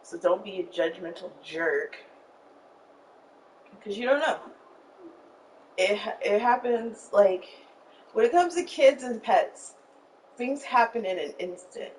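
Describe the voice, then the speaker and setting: A woman's voice: mid-range voice, animated, slow pace, long pauses, darkish tone, recorded from a distance, a little hiss or hum, rough recording. A young woman from Arizona rambling through an emotional personal story with lots of fillers while she plays a game. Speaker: streamer telling a story. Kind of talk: casual storytelling while gaming.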